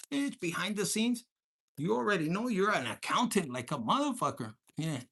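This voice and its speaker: A man doing a casual tarot reading to camera. He is crude and profane, jokes constantly, drops Spanish slang into his English and slips into quick mock voices of his listeners. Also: sits high, very animated, gravelly, fairly bright tone, breathy edge. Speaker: tarot reader.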